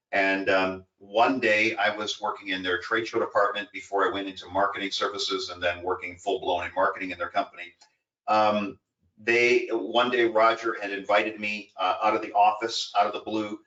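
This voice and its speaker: A man's voice: fairly low pitch, sharp tone. A man co-hosting a casual talk, telling stories earnestly and rambling a bit with fillers. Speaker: co-host. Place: home in Florida. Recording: echoey distant lo-fi recording.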